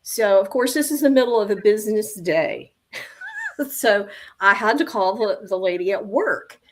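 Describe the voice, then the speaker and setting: A woman, an adoption attorney and author, telling lively anecdotes on a video call and laughing often. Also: mid-range voice, moderate pace. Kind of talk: casual storytelling on a live stream.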